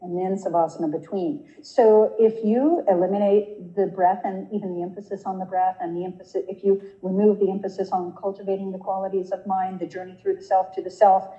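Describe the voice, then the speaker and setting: Dark-voiced emphatic woman yoga coach. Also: medium pitch, steady tone, fairly quick, hardly any pauses. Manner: emphatic, laughs often. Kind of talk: conversational interview talk. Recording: muffled lo-fi sound.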